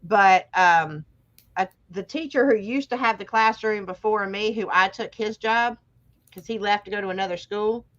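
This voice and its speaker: A woman's voice: medium pitch, moderate pace, fairly bright tone. Chatty woman on dull lo-fi audio. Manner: chatty and candid, with frequent fillers. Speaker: co-host. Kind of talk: casual chat.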